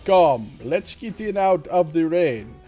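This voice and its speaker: A man's voice: fairly high pitch, animated, slow, darkish tone, soft background music. A man putting on a hearty old soldier's accent. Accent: put-on hybrid foreign accent. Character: gruff male former elite guard, jovial guide.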